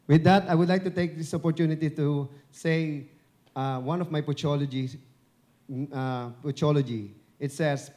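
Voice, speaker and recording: A Filipino man who works as a dubbing director and broadcaster speaks live at an event, holding a microphone at his chin. His voice is mellow and a little high, and he jokes with the audience in a chatty, encouraging way.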